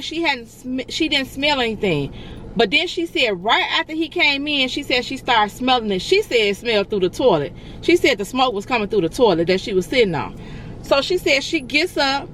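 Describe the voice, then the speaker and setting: A fairly high-voiced woman in her forties tells her story to viewers in an emotional vlog, circling back and calling them y'all. She sounds close to tears, and faint traffic noise drifts in from outside. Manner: animated, repeats herself, addresses viewers as y'all. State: near tears. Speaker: vlogger.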